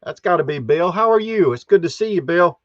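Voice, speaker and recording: A man hosts a live stream, greeting each viewer in a folksy way. His voice sits a little high. The sound is dry and slightly dull, like a lo-fi home setup. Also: animated, fairly quick, no room sound. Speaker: host.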